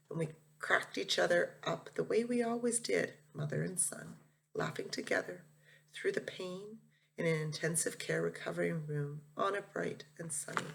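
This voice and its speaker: Woman teacher reading a memoir aloud, earnest, unhurried, some vocal fry. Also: lowish voice, bright, forceful tone.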